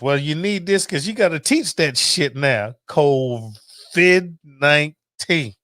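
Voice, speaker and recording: A man's voice: fairly high pitch, unhurried, no echo, studio quality. A middle-aged man, host of a cooking channel, ranting casually and profanely to camera. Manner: profane, animated, preachy.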